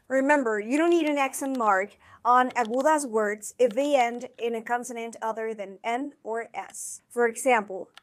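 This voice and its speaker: A woman teaching a scripted video lesson, speaking clearly and encouragingly and slowing down to sound out example words. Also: on the high side. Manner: clear, encouraging instructional delivery. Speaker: Spanish teacher.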